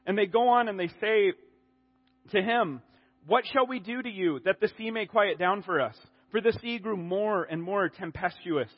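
A man preaching a sermon in an animated way, acting out the quotes and often restarting his sentences. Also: sits high, normal speed. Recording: dull audio in a reverberant hall.

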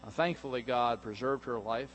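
A middle-aged man preaching a sermon as pastor, animated and jokey, sometimes acting out voices. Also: medium pitch, moderate pace, slight background noise. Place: church sanctuary.

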